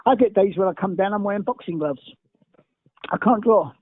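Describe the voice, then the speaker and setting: Brisk and slightly rough, the high-pitched voice of an older man from England carries rambling, emphatic, repetitive stories told as an interview guest. Without any echo, the recording sounds dry and tinny, like a phone.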